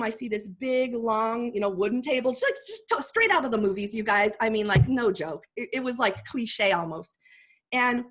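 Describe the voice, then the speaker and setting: Middle-aged woman, slightly high voice, guest speaker telling her own story with feeling. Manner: animated, heartfelt storytelling. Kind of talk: personal storytelling talk.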